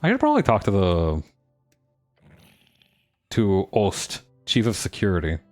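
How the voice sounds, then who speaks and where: A man's voice: on the low side, unhurried, soft background music. A man playing a role-playing video game, joking and laughing as he comments on his choices. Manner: animated, joking, laughs often. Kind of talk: casual let's-play commentary.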